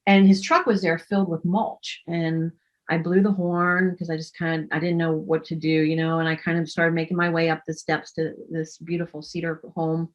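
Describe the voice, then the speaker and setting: A woman telling a personal story casually, with dry, self-mocking humor. Her voice sits a bit low for a woman. The recording sounds slightly dull and lo-fi. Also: little pitch movement, normal speed. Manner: wry, self-deprecating humor.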